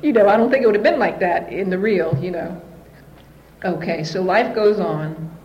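A woman telling her own story at a recovery meeting, candid and animated. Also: fairly low pitch, moderate pace, muffled recording, slight background noise. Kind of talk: personal recovery testimony.

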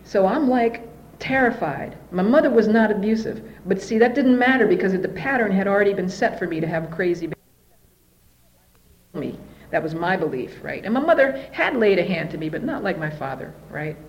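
A woman telling her own story at a recovery meeting, candid and animated. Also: medium pitch, normal speed, lo-fi sound. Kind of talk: personal recovery testimony.

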